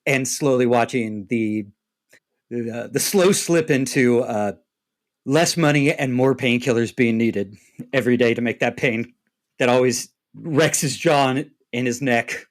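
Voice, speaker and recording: Male player, mid-pitched, reflective rambling narration. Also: a little slow. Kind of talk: narrating a tabletop role-play scene.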